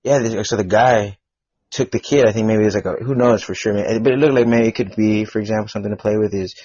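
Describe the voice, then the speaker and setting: A man's voice: on the low side, fairly even intonation, fast talker, darkish tone, no echo. A man hosting a casual podcast, telling a story in a rambling way with lots of fillers. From Wisconsin. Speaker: podcast host. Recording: dull lo-fi home podcast mic.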